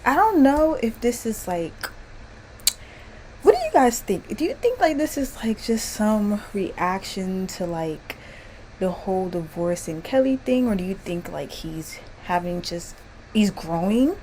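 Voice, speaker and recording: A woman vlogger ranting casually to camera at home, animated, swearing and exasperated. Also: medium pitch, measured pace, a little hiss or hum, poor audio. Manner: animated, profane, exasperated, laughing often. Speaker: vlogger ranting about a TV series.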